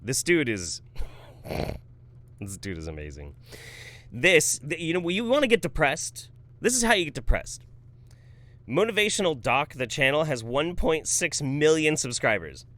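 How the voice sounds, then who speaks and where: A man in his thirties hosting a live stream, reading viewer donations in a relaxed, profane, jokey way. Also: fairly high pitch, measured pace, pauses often. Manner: laid-back, swears freely, laughs often. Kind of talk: casual live-stream commentary.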